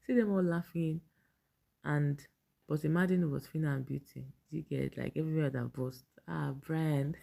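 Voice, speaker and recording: A young Nigerian woman talks through reality-show gossip in a relaxed, mellow voice that sits low and gravelly. She chats casually, laughs a lot and drops into pidgin now and then. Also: a little slow. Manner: chatty, laughs often, mixes in pidgin. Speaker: vlogger. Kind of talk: casual commentary reading fan posts.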